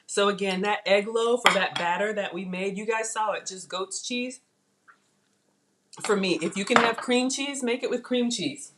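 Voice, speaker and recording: A woman chatting to viewers in a live cooking demonstration, excitable and talking straight to them. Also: mid-range voice, normal speed. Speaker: cooking vlogger. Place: home kitchen.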